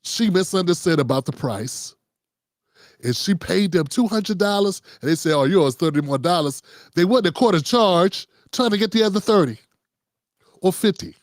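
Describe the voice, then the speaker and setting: A man's voice: high voice, expressive, moderate pace, dry recording, clean studio sound. A man hosting unscripted political commentary, talking casually and riffing, slipping into quoted voices.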